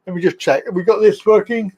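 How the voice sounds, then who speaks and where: A man's voice: high-pitched, darkish tone, slightly rough. A man hosting a casual live stream, joking, chatty and laughing a lot. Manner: jokey, chatty, laughs often, slow drawl. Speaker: livestream host.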